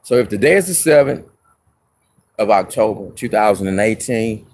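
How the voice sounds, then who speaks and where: A man making an impassioned spoken statement. He halts and restarts often, then rises into loud outbursts. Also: lowish voice, expressive. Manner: halting, with many restarts and fillers. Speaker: self-represented litigant.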